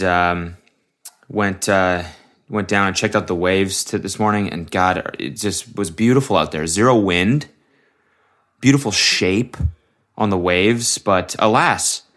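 Laid-back deep-voiced man rambling on a podcast. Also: fairly bright tone. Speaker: podcast host. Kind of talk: casual solo podcast chat. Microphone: headphones on, studio mic.

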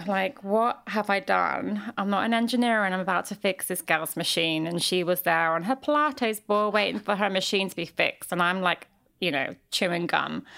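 A woman's voice: mid-range voice, vocal fry, clean tone. A woman with a London accent, a podcast guest telling casual stories and acting out the dialogue in them. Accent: London English. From London, England. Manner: lively storyteller who acts out quoted dialogue. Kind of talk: casual interview storytelling.

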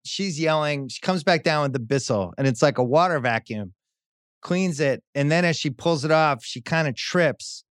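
A middle-aged man chats on a podcast and tells a long story. He acts out other people's lines in a higher voice. The sound is close and dry. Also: animated, moderate pace, smooth, no echo. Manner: storytelling, acts out quotes in raised voice. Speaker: podcast host. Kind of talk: casual podcast chat.

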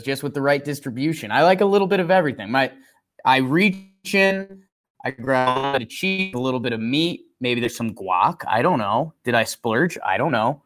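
A man co-hosting a casual sports podcast, rambling and self-deprecating, turning animated when he recaps the game. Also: medium pitch. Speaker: podcast co-host.

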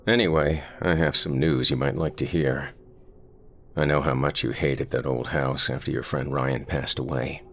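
Awkward apologetic dad on the phone, halting, deep gravelly voice, a man doing him. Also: fairly even intonation, fairly bright tone, slight background noise. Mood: upbeat. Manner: hesitant, halting. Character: estranged middle-aged father, awkward, apologetic.

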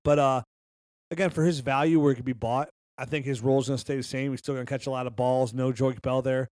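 A hoarse man co-hosting a sports podcast, rattling off player stats and rankings in casual chat, his voice giving out. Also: medium pitch, steady tone, fast, darkish tone, dry recording, clean studio sound. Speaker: podcast co-host.

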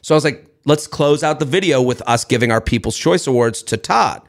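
A young man co-hosting a podcast, telling a story in lively casual chat and acting out the voices of people in it. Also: mid-range voice, a little fast. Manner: animated, acts out voices, swears and laughs. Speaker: podcast co-host.

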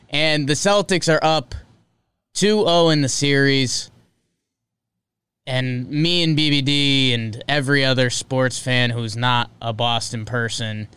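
A young man hosting a casual sports talk livestream, chatty and joking, with sudden energetic bursts. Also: on the high side, clean tone. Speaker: sports show host.

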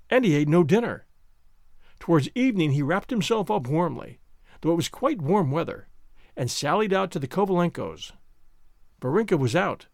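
A man reads a classic story aloud, expressive and engaged. His voice sits slightly high and moves a lot in pitch. The recording is dry and close. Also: creaky, no echo. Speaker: narrator. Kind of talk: audiobook narration.

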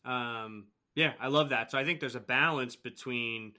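Bright-voiced male host; casual, rambling interviewer. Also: mid-range voice, normal speed. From Boston area. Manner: loose, filler-heavy, trails off softly. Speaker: podcast host. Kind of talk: scripted intro then casual interview chat.

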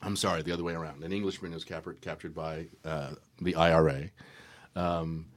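An older man, a guest actor, telling stories at an unhurried, reflective pace in a conversational interview, with frequent ums and uhs. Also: low voice, steady tone.

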